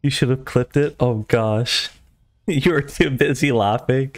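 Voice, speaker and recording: A man's voice: mid-range voice, a little slow. A young man livestreaming a strategy game, chatting casually and laughing often in a flustered, self-mocking way. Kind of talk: casual gaming stream chat.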